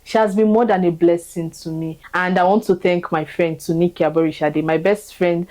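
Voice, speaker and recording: A woman's voice: fairly low pitch, fairly even intonation, normal speed, darkish tone, rough recording. A young woman giving an emotional, fervent testimony of thanks, repeating herself as her feelings rise. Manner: fervent, repetitive, voice rising with feeling.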